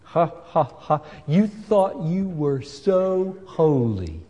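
A man's voice: on the high side, very animated, slow pace, warm tone, muffled recording, pitched above the performer's own voice. A man voicing a taunting male devil who mocks in a gloating whisper, in a reverberant hall.

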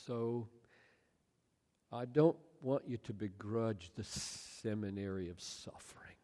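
A man in his sixties preaching a sermon, passionate and earnest, swinging from loud outbursts to soft, quiet words. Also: on the low side, slow, long reverb tail. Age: 60s. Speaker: pastor.

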